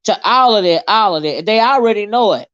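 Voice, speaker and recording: A woman's voice: medium pitch, lively intonation, fairly quick, a bit bright, no room sound, lo-fi sound. A woman hosting a casual livestream and reading her chat, blunt and swearing freely, with a habit of repeating herself.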